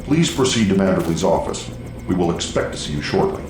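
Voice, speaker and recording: Cold mechanical guard, very low voice, echoey room with noise; game character. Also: male voice, very animated, brisk, over music. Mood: stern. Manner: clipped, formal, robotic delivery. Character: stiff male security guard, cold, mechanical.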